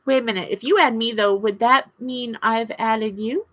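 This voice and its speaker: A woman's voice: a little high, moderate pace, fairly bright tone. A middle-aged woman with a Southern US accent, hosting a casual livestream and chatting in a rambling, gushing way with her viewers. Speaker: livestream host. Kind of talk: casual live-stream chat to viewers.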